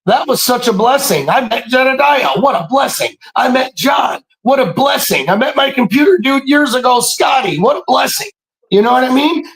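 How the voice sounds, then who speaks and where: Guy with a real high raspy voice, preachy, cussing, yelling now and then. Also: moderate pace, poor audio. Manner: animated and preachy, often breaking into shouts; profane, streetwise slang. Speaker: podcast speaker. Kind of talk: casual storytelling monologue.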